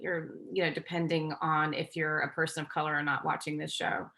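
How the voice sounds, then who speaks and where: A woman's voice: sits low, flat delivery, brisk, sharp tone. A woman actress speaking earnestly on a video call, reflecting with frequent restarts. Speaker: actress, guest. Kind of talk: casual interview over video call.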